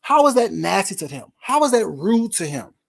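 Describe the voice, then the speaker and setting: A man's voice: sits high, big pitch swings, normal speed, vocal fry. Profane man ranting a story. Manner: profane, emphatic, repetitive. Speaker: streamer. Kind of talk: storytelling rant to viewers.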